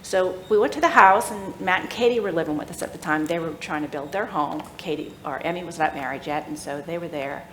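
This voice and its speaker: A middle-aged woman telling a personal faith story at a church workshop, animated and laughing as she acts out the voices of people in the story. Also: low voice, fairly quick, few pauses, a little hiss or hum. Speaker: workshop speaker. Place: church room. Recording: echoey room with faint ambience.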